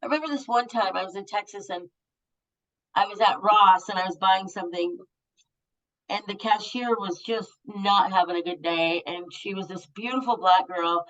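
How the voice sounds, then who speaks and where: A woman's voice: medium pitch, moderate pace, fairly bright tone. Blunt, swearing woman in her fifties. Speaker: guest. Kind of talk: candid storytelling. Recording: muffled lo-fi audio.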